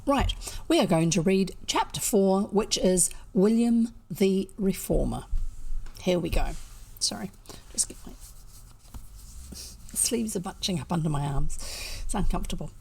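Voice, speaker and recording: Gravelly New Zealand woman chatting casually. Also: medium pitch, expressive, normal speed, long pauses, a little mellow. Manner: chatty and rambling, snacking while talking. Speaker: storybook reader. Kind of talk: casual chat between chapters.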